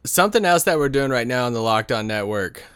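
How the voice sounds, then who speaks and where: A man's voice: mid-range voice, animated, fairly quick, fairly bright tone, smooth, no echo, clean studio sound. A man co-hosting a casual sports podcast, easygoing and explaining things at length. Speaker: podcast co-host.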